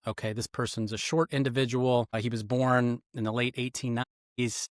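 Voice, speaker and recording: A middle-aged man, a retired federal agent, explaining interrogation methods in an interview with lively, instructive emphasis. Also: medium pitch, fairly quick, no room sound, clean studio sound. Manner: animated, instructive, acts out quoted lines.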